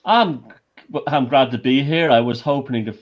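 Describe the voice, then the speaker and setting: A man's voice: medium pitch, normal speed, highs cut off. A man joining a live chat as the guest, stammering and restarting as he talks over a video call. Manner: stammering restarts, laughs while talking. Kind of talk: casual interview.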